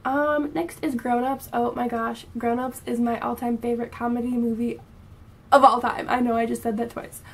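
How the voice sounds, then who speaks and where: A woman's voice: fairly high pitch, little pitch movement, normal speed, a little hiss or hum. A young woman in her early twenties, chatting casually to camera as a vlogger, bubbly and gushing, a little out of breath. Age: 20s.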